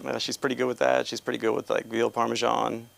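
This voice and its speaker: A man's voice: mid-range voice, monotone, fast talker, vocal fry, fairly bright tone. A man doing a rambling stand-up set at an open mic, and he keeps cracking himself up. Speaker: stand-up comedian. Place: comedy club stage.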